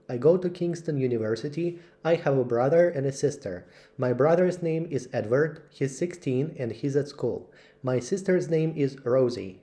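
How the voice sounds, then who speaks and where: Man, English teacher, mellow tone, slow careful read-aloud of lesson texts. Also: medium pitch. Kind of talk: reading textbook passages aloud.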